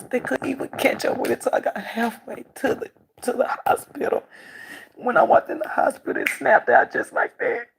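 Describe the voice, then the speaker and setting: A woman vlogger telling a personal story to camera, emotional and repeating her phrases, her voice climbing high when upset. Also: steady tone, moderate pace, creaky, husky.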